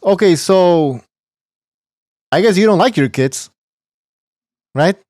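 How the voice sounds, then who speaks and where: A man's voice: high voice, expressive, takes it slowly, a little mellow, no room sound, studio quality. A man hosting a boxing podcast, blunt and scoffing, cursing freely as he talks casually. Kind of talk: casual profane boxing talk.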